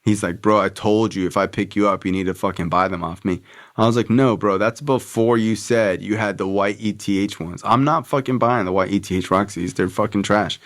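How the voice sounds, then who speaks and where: A man's voice: fairly low pitch, steady tone, fairly quick. A man speaking as a podcast guest, telling a story in a loose, casual way. He talks with plenty of filler and swearing, and he acts out the dialogue he is recounting. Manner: loose and profane, heavy on filler "like" and "bro", acts out quoted dialogue.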